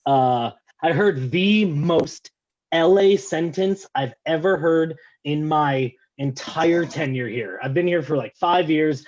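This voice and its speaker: This comedian performs his set via video call, speaking slowly in a fairly high, darkish voice. He rambles and puts himself down, leaning on filler words, all through slightly muffled, low-quality call audio.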